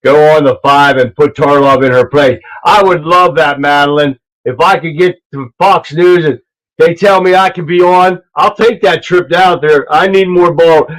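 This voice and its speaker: Male livestream host, pitched a bit high, loud and rambling. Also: fairly even intonation, moderate pace, rough recording. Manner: loud, rambling, laughs at his own clips. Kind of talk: casual livestream commentary. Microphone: earpiece mic.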